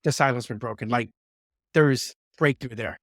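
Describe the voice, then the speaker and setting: A man's voice: medium pitch, moderate pace, a bit bright, dry recording, studio quality. A man hosting a podcast, speaking in an encouraging, emphatic way and repeating words as he talks. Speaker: podcast host. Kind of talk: conversational interview.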